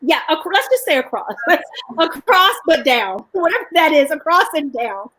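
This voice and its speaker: A woman's voice: high-pitched, very animated, normal speed, pushed and bright, low-quality recording. A woman author telling stories with animation and many restarts in a live video chat. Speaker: author guest.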